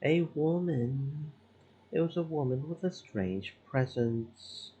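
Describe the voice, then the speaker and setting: A man streaming a game, reading its story text aloud in slow, measured narration. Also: fairly high pitch, dark tone, husky, rough recording.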